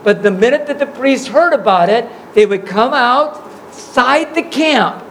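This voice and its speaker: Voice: mid-range voice, expressive, a little slow, a little hiss or hum, poor audio. A preacher giving a sermon in a casual, slangy storytelling manner, acting out the scripture scenes in everyday words.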